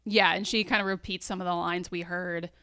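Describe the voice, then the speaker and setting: A woman's voice: fairly low pitch, brisk, clear, resonant tone, no echo, studio quality. A woman co-hosting a podcast, recapping a TV episode in casual chat and acting out quoted lines with lots of laughter. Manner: animated, acts out quoted lines, laughs often. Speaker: podcast co-host.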